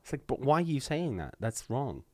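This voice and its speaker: A man's voice: mid-range voice, big pitch swings, brisk, warm tone, dry recording. A man with a Welsh accent co-hosting a podcast, chatting playfully and laughing often while comparing pronunciations. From Wales. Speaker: podcast co-host. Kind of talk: casual chat.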